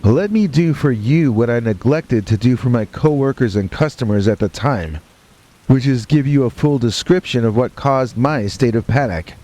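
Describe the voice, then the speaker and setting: A man narrating a first-person horror story in a deadpan, matter-of-fact way with wry asides, with rain and thunder behind him. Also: medium pitch, moderate pace.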